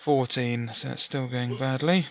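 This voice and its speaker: A man playing through a gamebook, reading its passages aloud and calmly working out dice sums with mild self-deprecating asides. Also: mid-range voice, a little slow, muffled recording, background noise. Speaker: let's play host. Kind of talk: gamebook playthrough with read-aloud narration.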